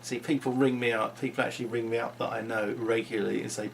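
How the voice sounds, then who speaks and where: A man's voice: fairly low pitch, flat delivery, fast, gravelly, few pauses, slight background noise. A man talking unscripted into his vlog, musing and rambling with frequent restarts. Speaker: vlogger.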